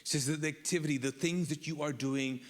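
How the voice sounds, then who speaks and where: A man's voice: a little high, fairly even intonation, fast. A man preaching a sermon as pastor, speaking conversationally, restarting phrases and asking the congregation to fill in words. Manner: repeats words and asks the crowd to fill in answers. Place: church auditorium. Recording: long hall reverb.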